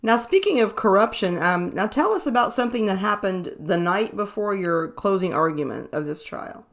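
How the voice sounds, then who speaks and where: A woman hosts an interview podcast with a plain, middle-pitched voice. She asks questions and keeps the guest going with short replies. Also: lively intonation, moderate pace. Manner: brief encouraging responses. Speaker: podcast host.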